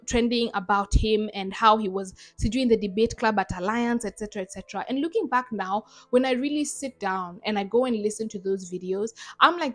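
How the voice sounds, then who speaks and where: A young adult woman from Zimbabwe giving emphatic, sarcastic commentary in a vlog. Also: fairly high pitch. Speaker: YouTuber.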